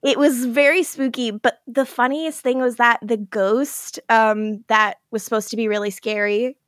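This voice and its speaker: A woman with a bright, high voice co-hosts a podcast in loose, casual chat. She laughs readily and drops swear words as she retells scenes. The recording is close and dry, with no room sound. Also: fairly even intonation, a little slow, dry recording. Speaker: podcast co-host.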